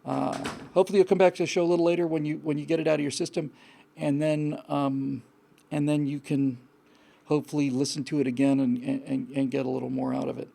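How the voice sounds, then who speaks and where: Gravelly, mellow-voiced man giving blunt advice. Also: on the high side, level tone, fast talker. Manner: blunt, frank, rambling with repeated restarts. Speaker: host. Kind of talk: live call-in advice talk.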